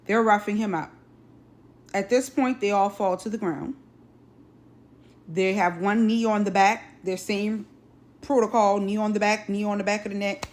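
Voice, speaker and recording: A woman's voice: medium pitch, steady tone, normal speed, darkish tone. A woman from South Carolina recounting an incident to her viewers in casual commentary, stressing points by repeating them. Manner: emphatic, repeats key phrases; addresses viewers directly. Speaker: social media commentator.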